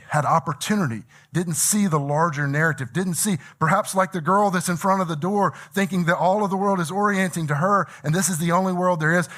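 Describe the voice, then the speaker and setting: Man, pastor, sermon, slightly high-pitched, earnest, conversational, church auditorium. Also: a bit bright. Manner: earnest, conversational preaching with repeated restarts.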